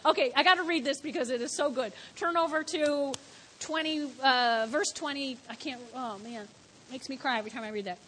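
A woman preaching a sermon, telling the story with lively, animated delivery. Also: sits high, fairly quick, big-room sound, rough recording. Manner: animated storytelling, shouts in acted quotes.

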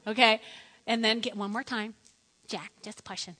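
A middle-aged woman preacher telling a story in a lively, dramatic sermon, acting out the voices in it. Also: on the high side, moderate pace, long pauses, long reverb tail. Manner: lively, dramatic, acts out quotes.

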